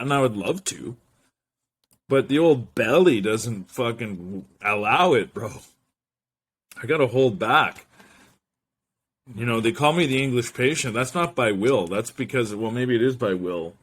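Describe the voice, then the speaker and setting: A man's voice: medium pitch, a bit bright, slightly rough. A man in his thirties hosting his own show, rambling casually to camera with profane jokes, slang and French asides. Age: 30s. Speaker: show host.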